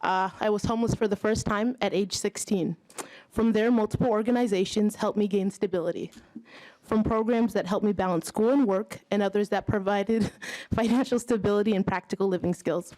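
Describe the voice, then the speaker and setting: A woman's voice: medium pitch, fairly even intonation, brisk, a little mellow, poor audio. A nervous young woman, born in Haiti, reading her prepared testimony to a legislative committee in a hearing room, laughing nervously now and then. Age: young adult. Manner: nervous, laughs between phrases. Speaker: youth advocate testifying.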